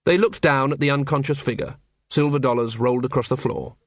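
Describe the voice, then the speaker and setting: This is a man narrating a story as an audiobook reader, wry and expressive in his scripted delivery. He speaks at medium pitch and a fairly quick pace, recorded cleanly in a studio with no room sound.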